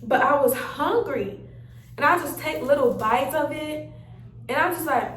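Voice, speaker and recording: A young woman, telling a story in an animated, chatty way and acting out her own reactions. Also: high-pitched, moderate pace, slight background noise. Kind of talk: casual storytime chat. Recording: roomy sound, mic a bit far off.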